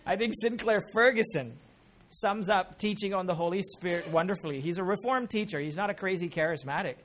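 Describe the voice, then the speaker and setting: A man's voice: high-pitched, fairly quick, a bit bright, slight background noise. A middle-aged man preaching a sermon as pastor, emphatic, with rising questions put to the congregation.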